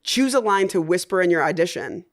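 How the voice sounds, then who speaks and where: A woman co-hosting a comedic parenting podcast, talking in a quick, joking, teasing way. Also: on the low side, expressive. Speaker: podcast co-host. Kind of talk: casual comedic chat.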